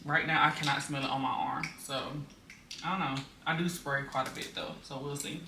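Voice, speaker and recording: A woman's voice: rumbling low, fairly even intonation, moderate pace, gravelly. Chatty woman vlogger, roomy far-off sound. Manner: chatty, venting with frequent fillers. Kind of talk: casual chat. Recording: roomy distant mic with background noise.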